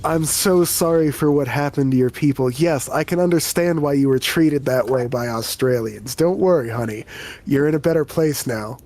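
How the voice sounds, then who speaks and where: A man voicing a blunt, unbothered female demon who works for a company, talking in a deadpan, crude, matter-of-fact way. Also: medium pitch, moderate pace, natural voice. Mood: patronizing.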